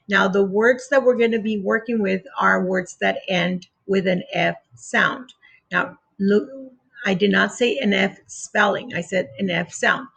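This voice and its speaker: A woman teaching a phonics lesson to young children, sounding out words letter by letter with deliberate pauses and patiently repeating each rule. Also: medium pitch, creaky, fairly bright tone, husky, dull audio.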